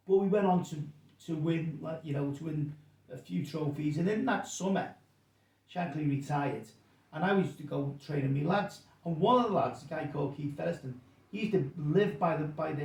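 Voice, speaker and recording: A gravelly, mellow-voiced man spins a rambling story, correcting himself as he goes and acting out each quote. He sounds a little high for his age, and the mic sits far off in a roomy space. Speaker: guest storyteller. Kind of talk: casual anecdote telling.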